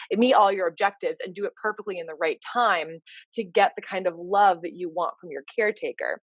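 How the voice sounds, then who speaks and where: A woman coach talks through her lesson in an earnest, explanatory way, leaning on "you know" as she goes. Her voice sits on the low side, and the recording is dry and a touch dull. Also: dry recording. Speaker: leadership coach. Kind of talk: informal coaching lecture.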